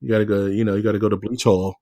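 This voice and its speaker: A man's voice: on the low side, level tone, very fast, warm tone. A man co-hosting a podcast in loose, joking casual chat, with many restarts. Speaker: podcast co-host.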